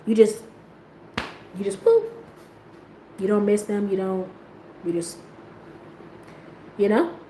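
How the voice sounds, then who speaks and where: Chatty woman with a slangy, laughing ramble. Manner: laughing often, jumping into high squeals when quoting herself; slang-heavy, rambling, trailing off quietly. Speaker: host. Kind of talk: casual chat. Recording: echoey room with faint ambient noise.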